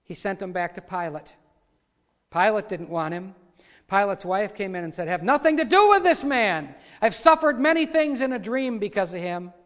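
A man preaching a sermon, retelling the story dramatically and voicing the quoted lines louder. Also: high-pitched, animated, normal speed. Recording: long hall reverb.

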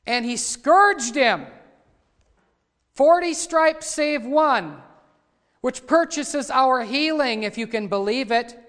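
A man preaching a sermon, retelling the story dramatically and voicing the quoted lines louder. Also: very high voice, lively intonation, takes it slowly. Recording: long hall reverb.

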